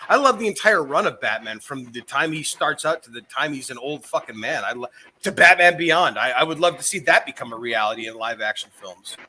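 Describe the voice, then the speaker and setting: A man's voice: mid-range voice, animated, a little fast, bright, forceful tone, husky. A man co-hosting a podcast in casual chat, rambling and profane, often laughing at himself. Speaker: podcast co-host.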